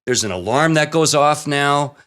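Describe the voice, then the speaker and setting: A man, a guest, telling a story in a casual, animated way, often laughing and acting out what people said. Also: a little high, moderate pace. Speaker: guest cameraman telling stories.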